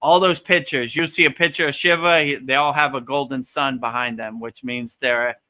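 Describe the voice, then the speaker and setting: A man who is a spiritual teacher, hosting a live-stream Q&A in a casual, animated way and often asking "you know?" and "right?". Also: medium pitch, normal speed. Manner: acts out voices playfully.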